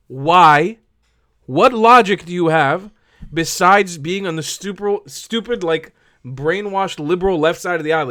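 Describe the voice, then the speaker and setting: Guy ranting angrily at a clip, swears a lot, kinda high voice, dead dry room. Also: measured pace, fairly bright tone, dry recording. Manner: swearing, angry, repeats himself. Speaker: reaction video host. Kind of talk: heated reaction commentary.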